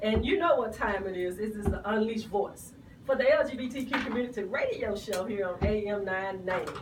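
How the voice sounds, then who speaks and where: Woman radio host, sick and subdued, echoey off-mic sound with clear noise. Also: medium pitch, expressive, brisk, recorded from a distance. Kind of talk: radio talk show hosting.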